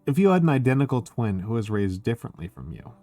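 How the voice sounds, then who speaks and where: Male streamer, animated and swearing, dry close mic, soft music bed. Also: medium pitch, quick pace, no room sound. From United States. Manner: excitable, swearing, heavy filler words. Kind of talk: casual chat.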